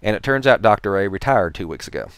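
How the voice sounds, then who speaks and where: A man's voice: lowish voice, animated, quick pace, fairly bright tone, clean tone, no echo. A man with a Tennessee accent talking to the camera in a casual vlog, telling a rambling story with wry, dry sarcasm. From Tennessee, USA. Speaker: vlogger.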